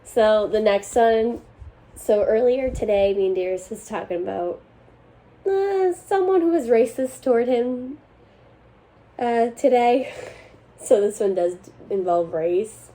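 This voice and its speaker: A young woman hosts a casual chat and reads forum posts aloud with a mellow, unhurried warmth. She laughs easily between lines and keeps her pitch in an ordinary middle range. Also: rough recording. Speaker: host reading online posts.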